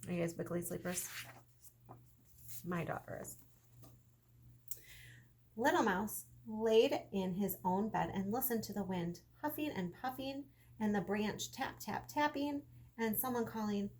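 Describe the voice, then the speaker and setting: Woman teacher reading a storybook to children, gentle, expressive, slightly husky. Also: medium pitch, moderate pace. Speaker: kindergarten teacher. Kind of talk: children's story read-aloud.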